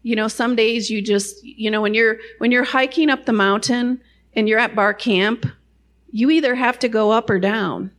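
A woman's voice: fairly high pitch, steady tone, moderate pace. Middle-aged lady telling her faith story, chatty, pokes fun at herself, says "you know" a lot. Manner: chatty, self-deprecating, many "you know" asides. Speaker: guest sharing a faith testimony. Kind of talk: personal testimony storytelling.

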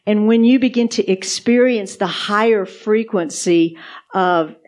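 A woman's voice: medium pitch, steady tone, unhurried, a little mellow. A woman co-hosting a podcast, sharing faith testimonies in casual chat, earnest and repeating words for emphasis. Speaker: podcast co-host.

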